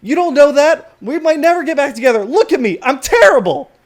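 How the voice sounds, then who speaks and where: A man's voice: very high-pitched, expressive, fairly quick, pitched above the performer's own voice. A man doing a shrieking, ranting town guard. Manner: shouting, whiny. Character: loud bitter male town guard ranting.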